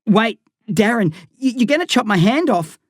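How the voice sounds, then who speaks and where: A frightened schoolboy stammers and begs, his voice climbing high and strained, as a male reader puts him on. The recording is close and dry, with no room around it. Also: sing-song, normal speed, dry recording, full character voice. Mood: panicked pleading. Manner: stammering, pleading, voice rising in panic. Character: frightened schoolboy narrator's younger self, pleading.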